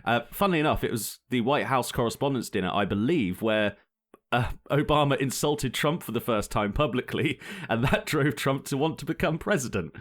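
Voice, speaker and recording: A man's voice: medium pitch, animated, fairly quick. A young man co-hosting a podcast, walking through a story in casual chat, rambling and sweary, often laughing. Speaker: podcast co-host.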